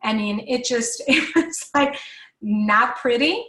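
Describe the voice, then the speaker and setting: A woman's voice: fairly high pitch, takes it slowly, pushed and bright. A woman in her forties hosting a live parenting workshop, chatty and reassuring as she answers viewer questions with frequent fillers. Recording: echoey room.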